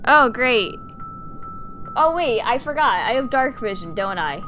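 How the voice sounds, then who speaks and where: A woman playing a tabletop game, eager and quick in her replies. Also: on the high side, lively intonation, bright, forceful tone, soft background music. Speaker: player. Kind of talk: casual tabletop play.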